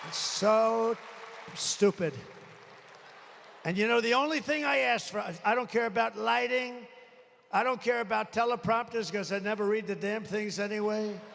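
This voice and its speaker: A man with a strained throat giving a rambling, combative campaign rally speech, swinging between muttering and shouting, recorded live at a large rally venue. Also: high voice, moderate pace, creaky, a little hiss or hum. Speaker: political candidate. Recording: live rally with long reverb.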